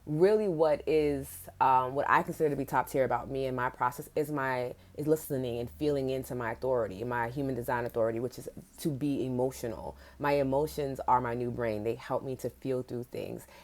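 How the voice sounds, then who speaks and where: Low-voiced woman hosting a live chat. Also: a little fast, hardly any pauses. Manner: candid and chatty, says "like" often, swears casually. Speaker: podcast host. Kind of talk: casual livestream chat.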